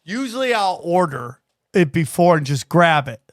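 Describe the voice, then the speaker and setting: Brief: male podcast host, high voice, very dry close-mic sound, lively storyteller. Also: moderate pace, dry recording. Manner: animated, rises high and loud acting out quotes. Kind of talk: casual storytelling chat.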